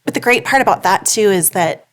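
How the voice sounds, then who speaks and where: A woman's voice: medium pitch, animated, brisk. A middle-aged woman speaking at a memorial service, giving a conversational tribute full of remembered anecdotes. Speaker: daughter giving a eulogy.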